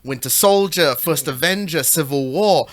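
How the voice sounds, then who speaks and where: A man's voice: on the high side, moderate pace. A man from Malaysia co-hosting a casual podcast, giving opinionated, joking takes and swearing now and then. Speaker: podcast co-host. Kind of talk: casual chat.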